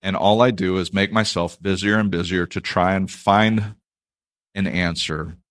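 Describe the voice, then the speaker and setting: A man's voice: low voice, fairly even intonation, a little slow, a bit bright. A man preaching a sermon, reading scripture aloud and breaking off into conversational, self-deprecating asides. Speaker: pastor.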